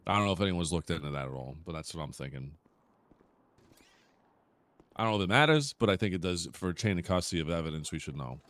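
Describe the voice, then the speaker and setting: A man's voice: deep voice, animated, fast talker, pauses often, a bit bright. A man casually role-playing a police officer, telling blunt, profanity-laced stories to his colleagues. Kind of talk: casual in-character roleplay chat.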